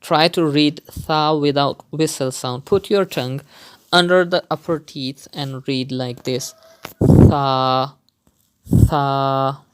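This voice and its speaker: Patient online Quran tutor, slow and clear-voiced, models each letter aloud. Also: medium pitch. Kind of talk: recorded recitation lesson.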